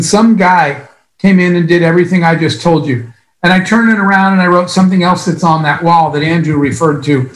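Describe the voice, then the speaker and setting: Man giving a heartfelt business pep talk, highish voice, echoey hall. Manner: earnest, emphatic storytelling with long pauses. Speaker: speaker at a business event. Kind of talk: motivational speech.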